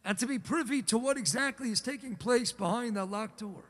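A man's voice: very high-pitched, a little fast. A man giving a talk as a rabbi, telling a story dramatically and acting out its characters. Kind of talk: sermon storytelling. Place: large synagogue hall. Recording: reverberant hall.

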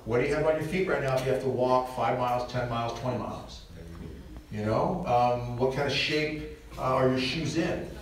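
A man's voice: medium pitch, normal speed, slight background noise. A middle-aged man from Nebraska speaking casually to a parish audience, joking and chatty with lots of asides. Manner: conversational, joking, with frequent asides and chuckles. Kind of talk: casual talk to a church audience. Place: large church. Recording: echoey church from far off.

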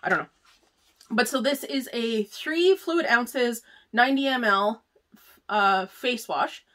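A woman vlogger chatting casually through a beauty box unboxing, gushing and excitable, full of "like" and "oh my gosh.". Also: on the high side, slow. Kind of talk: casual unboxing chat to camera.

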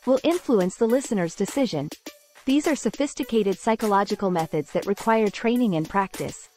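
A woman reads a book summary as scripted narration, with a measured and explanatory delivery. Her voice sits at an ordinary middle pitch for a woman. Soft music plays faintly underneath. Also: expressive.

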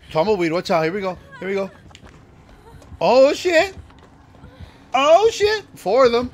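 Excitable laughing male game streamer. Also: a little high, slight background noise, rough recording. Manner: loud, laughing, exclaiming often. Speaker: livestreamer. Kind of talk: excited gameplay commentary.

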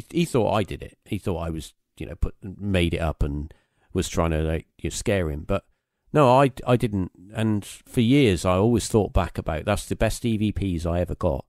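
With a low-pitched, slightly mellow voice, a podcast host tells a long anecdote at a moderate pace and with few pauses, rambling casually and using plenty of fillers. The recording is dry and studio quality.

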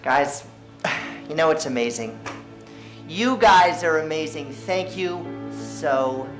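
A smarmy TV interviewer who draws out his words slowly. His pitch swoops widely, and the sound is echoey, with faint music behind. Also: lively intonation. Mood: showy. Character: smarmy male talk show interviewer. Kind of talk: comedic film acting.

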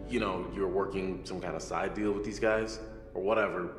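A man's voice: low-pitched, fairly even intonation, moderate pace, natural voice. A man playing a flippant young adventurer in a horror game. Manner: rambling, offhand. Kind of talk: video game dialogue. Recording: echoey, reverberant game audio with music.

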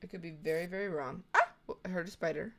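A young woman hosting a casual co-op game session, excitable and quick to panic. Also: fairly low pitch, vocal fry. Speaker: gaming channel host. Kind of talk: casual co-op gameplay chat.

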